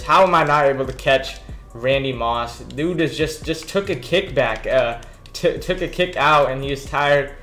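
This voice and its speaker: A man's voice: medium pitch, normal speed, sharp tone, faint music behind. Young dude casually commentating his football game, slangy and chill, faint beat under him. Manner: laid-back, slangy, talks to himself while playing. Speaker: gaming YouTuber. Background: background beats.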